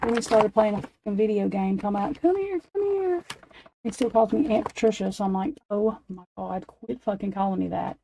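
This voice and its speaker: A woman's voice: mid-range voice, level tone, fairly quick, creaky, hardly any pauses, background noise. A woman in her forties chatting casually on a late-night stream, telling rambling, profane stories and laughing often. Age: 40s. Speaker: livestream host.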